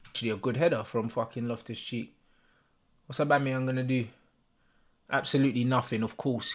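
A young Londoner streams his live reaction to a football match as a fan, yelling at the plays, excitable and full of slang and swearing. His voice is medium-pitched at a normal speed, with long pauses.

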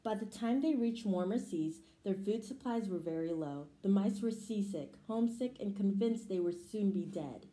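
A woman reading a children's picture book aloud in an expressive storytelling manner. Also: medium pitch, moderate pace, hardly any pauses. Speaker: storybook reader. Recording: roomy echo.

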